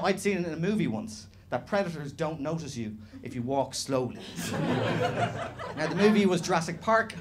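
A young Irish man doing a stand-up comedy set, animated and swearing, with shouted impressions. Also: on the high side, noisy background. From Ireland. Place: small comedy venue with live audience. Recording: live club recording with laughing crowd. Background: audience laughter.

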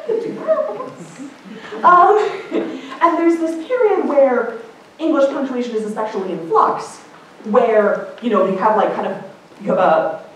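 A woman linguist giving a casual public lecture, chatty and animated, putting on higher voices for the people she quotes. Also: slight background noise. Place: lecture hall. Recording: echoey hall from far off.

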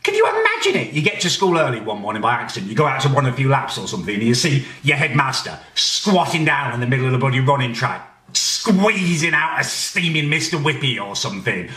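A British man doing a comedic rant, exasperated and swearing, often shouting in indignation. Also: medium pitch, big pitch swings, fairly quick, distant mic. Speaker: comedy ranter. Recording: roomy, a bit off mic.

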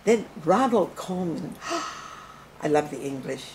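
A woman's voice: on the low side, a little slow, a little hiss or hum. An older woman entertainer, reminiscing theatrically about show business at her home. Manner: theatrical, animated storyteller. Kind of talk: showbiz reminiscing to camera.

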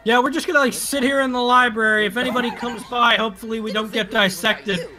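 A streamer watching a movie with friends, shouting crude heckles at the screen. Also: medium pitch, fairly even intonation, fast, music in the background. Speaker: reaction streamer. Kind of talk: loud casual commentary.

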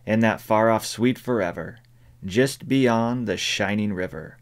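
A man voicing a church song leader in a storybook reading, calling out hymn lines slowly and drawn out. The voice stays low and unhurried. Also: natural voice. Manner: slow, drawn-out.

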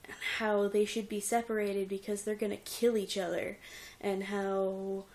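Slow, gravelly young woman venting. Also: mid-range voice, level tone, darkish tone. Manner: frustrated, rambling, tearful. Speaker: reptile rescue keeper. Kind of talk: emotional personal vlog. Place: at home indoors. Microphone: handheld camera at arm's length.

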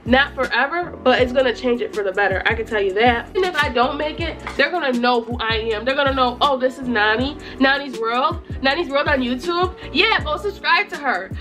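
A young woman from New York state talking straight to camera, emphatic and repetitive, crying happy tears. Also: sits high. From Utica, New York. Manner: emphatic, repeats herself, tearful excitement. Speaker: YouTuber. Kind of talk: casual vlog chat. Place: at home in front of a mirror.

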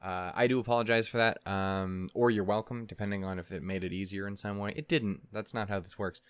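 Playful young man, deep and dry. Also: fairly even intonation, fairly quick, clean tone, dry recording. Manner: playful, rambling, swings between mock-stern mutters and loud bursts. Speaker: reaction video host. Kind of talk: casual solo chat before a reaction.

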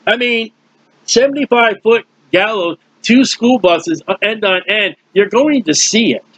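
Husky high-voiced man teaching scripture. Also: measured pace, fairly bright tone, no echo. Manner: conversational, explains with everyday comparisons, frequent restarts. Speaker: Bible teacher. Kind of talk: informal verse-by-verse Bible teaching.

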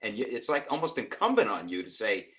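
Male voice actor on a panel, bright forward tone, jokey and rambling. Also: fairly low pitch, sing-song. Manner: rambling, jokey, halting restarts. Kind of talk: casual panel chat on a livestream.

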